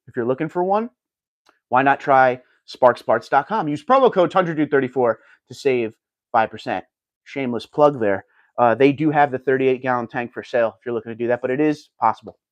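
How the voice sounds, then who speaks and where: A man's voice: medium pitch, a little fast, dry recording, lo-fi sound. A man hosting a casual livestream, chatting and reading viewer comments aloud. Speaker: livestream host reading chat.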